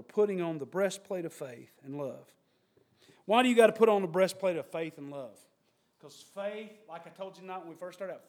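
Male pastor, very high voice, preaching with bursts of shouting and mocking quoted voices. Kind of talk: sermon.

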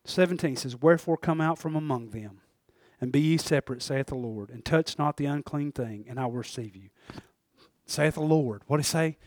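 A man preaching a folksy sermon, dropping to a hush and then building to shouts. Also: fairly high pitch, moderate pace, no room sound, clean studio sound. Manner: swings from hushed to shouting, folksy. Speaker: pastor.

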